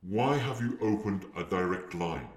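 A man's voice: sits low, lively intonation, unhurried, roomy sound. A man voicing a dry, aloof and weary magic mirror spirit.

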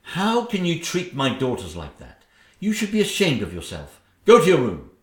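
A man's voice: wildly swooping pitch, normal speed. A man voicing a spiteful, nagging stepmother queen in a comic parody. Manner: shrill, nagging, theatrical. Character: shrill scheming stepmother queen, woman, spiteful. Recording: echoey room.

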